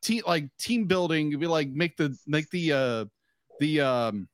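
Male podcast co-host, high pitch, dry close mic; rambling, restart-heavy, laughing delivery. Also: animated, a little slow, dry recording. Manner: rambling, stumbles and restarts often, laughs a lot. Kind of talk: casual chat.

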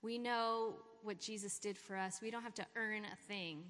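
A woman's voice: mid-range voice, fairly even intonation, moderate pace. A woman giving an informal, encouraging sermon talk at a church gathering. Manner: encouraging, warm pep talk with laughter. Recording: long hall reverb.

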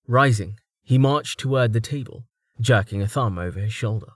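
Man, audiobook narrator, mid-pitched voice, measured storytelling, dry close recording. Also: dry recording. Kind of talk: scripted fantasy narration.

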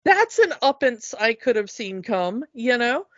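A woman co-hosting a casual chat, speaking slowly with lots of fillers and eager restarts. Her voice sits at an ordinary pitch, and the recording sounds dull and lo-fi in a dead, dry space. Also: very animated, no echo. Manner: enthusiastic, halting with many fillers and restarts.

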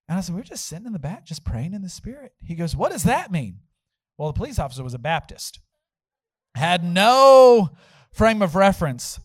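A male pastor preaching a sermon, telling a story and acting out the quotes with sudden shouts. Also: high voice, very animated, normal speed, no room sound, rough recording.

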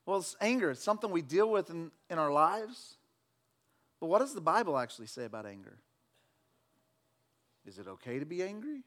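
A pastor preaching a sermon, swinging between loud fervent declarations and relaxed, joking talk with the congregation. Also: male voice, fairly high pitch, brisk, long pauses. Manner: preaching with loud emphatic shouts, then conversational with jokes.

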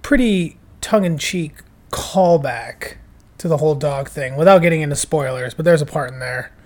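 A young man co-hosting a casual movie podcast, chatty and joking, with quick asides. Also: fairly high pitch, darkish tone. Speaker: podcast co-host. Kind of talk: casual movie review chat.

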